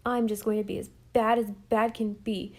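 A sulky, defiant young boy from a storybook, as a woman reading aloud puts him on. He protests indignantly in a raised, loud voice. The tone stays mellow and dark. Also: level tone, moderate pace, close to an everyday voice. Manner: indignant, shouting, higher and louder.

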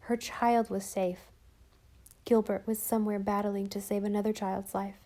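Warm-voiced woman reading a storybook. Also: medium pitch, normal speed. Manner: gentle, expressive storytelling. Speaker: audiobook narrator. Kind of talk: scripted narration.

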